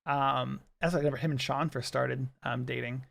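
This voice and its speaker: A man's voice: mid-range voice, steady tone, moderate pace, gravelly, a bit bright. A man in his thirties, a podcast co-host chatting casually and telling stories with frequent laughs. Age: 30s. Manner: chatty storyteller, laughs often. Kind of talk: casual chat.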